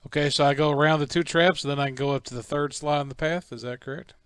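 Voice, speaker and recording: A man's voice: a little high, fairly even intonation, fast talker, a bit bright, clean tone, dry recording, clean studio sound. A man playing a tabletop game for the first time, hesitant and full of questions. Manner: hesitant, confused, keeps asking questions. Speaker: player. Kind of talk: casual game chat.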